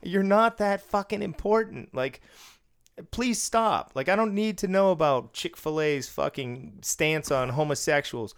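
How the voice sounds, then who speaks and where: A man's voice: fairly high pitch, unhurried, smooth. A man co-hosting a podcast in casual chat, blunt and profane, laughing often. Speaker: podcast co-host. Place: studio room.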